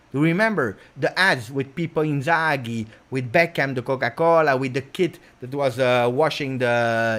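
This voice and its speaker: A man's voice: mid-range voice, a bit bright. An Italian-accented man hosting a football livestream, chatting casually and reading out viewer messages with many fillers. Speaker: football channel host.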